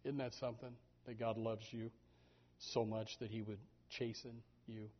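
A man preaching a sermon in a lively, animated manner, often stumbling over repeated words. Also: mid-range voice, normal speed, husky. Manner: animated, repetitive restarts, voices sheep and God aloud. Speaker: pastor. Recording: dull lo-fi recording.

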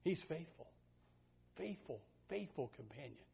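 A man preaching a sermon in a lively, animated manner, often stumbling over repeated words. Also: fairly high pitch, a little slow, vocal fry, breathy edge. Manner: animated, repetitive restarts, voices sheep and God aloud. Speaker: pastor. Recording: dull lo-fi recording.

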